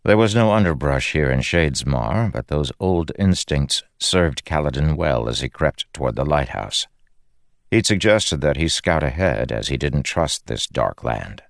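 A man narrating an audiobook in a measured, grave storytelling manner. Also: rumbling low, lively intonation, dry recording, studio quality.

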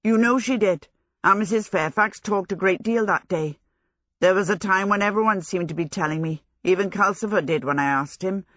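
A woman voicing a vain, glib young male wizard who talks quickly and breezily in a storybook reading. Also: mid-range voice, fairly bright tone, dry recording, clean studio sound, close to an everyday voice. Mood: breezy.

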